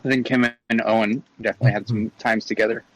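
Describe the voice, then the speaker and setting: A man's voice: lowish voice, little pitch movement, fast, rough recording. A man making dry wisecracks in a casual livestream chat.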